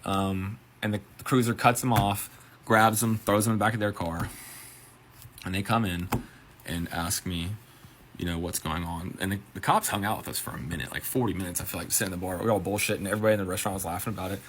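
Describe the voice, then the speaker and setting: He talks fast in a low-pitched voice over some background noise. This bartender and manager recounts a profane anecdote story-time style, bringing it to life by acting out the quotes.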